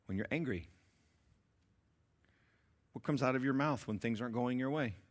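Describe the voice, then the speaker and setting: A man preaching a sermon, asking his congregation questions and swinging between loud emphatic peaks and quiet low passages. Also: moderate pace. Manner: asks the congregation rhetorical questions. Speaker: pastor.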